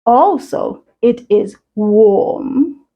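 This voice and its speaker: A woman teaching a children's language lesson, encouraging and sing-song, speaking slowly and clearly. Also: on the high side, animated, dull audio. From South Africa.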